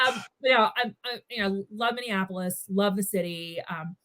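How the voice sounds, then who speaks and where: A woman's voice: mid-range voice, moderate pace, pushed and bright. Chatty woman from Maryland. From Maryland, United States. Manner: chatty, enthusiastic, frequent restarts and "you know". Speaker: sportswriter guest. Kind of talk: casual podcast interview.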